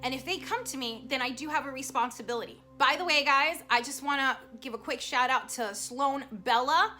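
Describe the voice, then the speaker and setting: Casting: high, bright-voiced woman, chatty vlogger storytelling with feeling, soft music underneath. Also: brisk. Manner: animated, chatty, emotional storyteller with many fillers. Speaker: psychic vlogger. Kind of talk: casual storytelling to camera. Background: soft background music.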